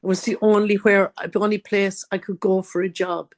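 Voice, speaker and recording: A woman's voice: mid-range voice, flat delivery, normal speed. An Irish woman, a guest author, telling her own life story in an interview and acting out what others said. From Ireland.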